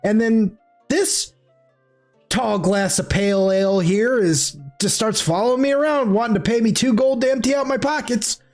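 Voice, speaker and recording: A man's voice: sits high, moderate pace, darkish tone, faint music behind, voice pushed up. A man voicing a sly male halfling tavern waiter who whines and protests his innocence. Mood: indignant.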